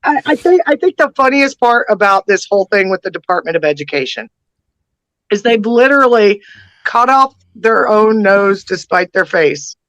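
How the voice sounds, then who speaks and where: A woman's voice: mid-range voice, animated, normal speed, a bit bright, no echo. A woman co-hosting a political livestream, sarcastic and casual, sometimes stumbling over her words. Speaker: livestream co-host.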